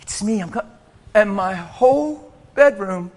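A man preaching a sermon, telling a story with animated bursts of shouting and laughter. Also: high voice, a little slow.

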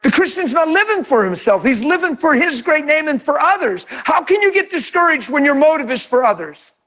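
A man preaching a sermon as pastor, animated and conversational, often laughing and acting out quotes. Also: very high-pitched, fairly quick.

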